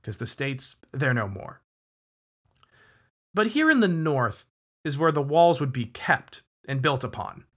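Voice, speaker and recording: A man narrating history for a podcast in a relaxed, talky manner. He leans on key words for emphasis and keeps turning to the listener with quick asides. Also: medium pitch, husky. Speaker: podcast host.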